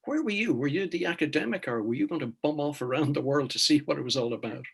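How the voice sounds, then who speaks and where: A man's voice: a little high, lively intonation, fast, creaky, slightly rough. A man hosting an interview, jovial and laughing as he asks questions. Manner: jovial, laughs while talking. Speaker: interview host. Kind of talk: conversational interview.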